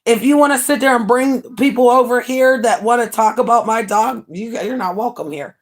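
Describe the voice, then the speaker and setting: A woman's voice: on the high side, normal speed. Brash, profane woman ranting on a stream. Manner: brash, profane, mocking, with bursts of shouting. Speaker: livestream host. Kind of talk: ranting livestream talk.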